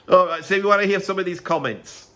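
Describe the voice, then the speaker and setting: A man's voice: high voice, sharp tone. A middle-aged man with a Birmingham accent, talking straight to camera in a chatty, sarcastic vlog. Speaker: musician and YouTuber.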